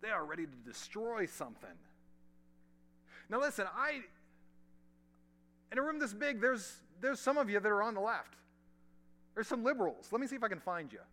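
A male pastor preaching a sermon to a large congregation, swinging from loud emphasis to hushed, almost whispered lines, with casual asides to the room. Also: sits high, big pitch swings, moderate pace, long pauses. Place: large church hall.

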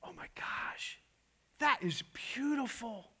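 Preacher playing a stammering, gushing neighbor man; high voice. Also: animated, fairly quick, a bit bright. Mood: admiring. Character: friendly amazed male neighbor admiring a bike.

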